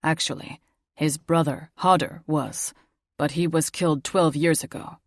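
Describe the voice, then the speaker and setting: A woman narrator voicing grave male werewolf chieftains in an audiobook, low and steady. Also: unhurried, no room sound, studio quality.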